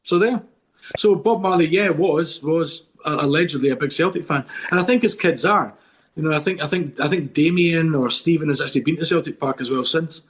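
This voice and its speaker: Slightly high-pitched and a bit quick, a middle-aged man from Scotland chats casually as a podcast guest. He spins lengthy tales with gusto, frequently stopping to begin again.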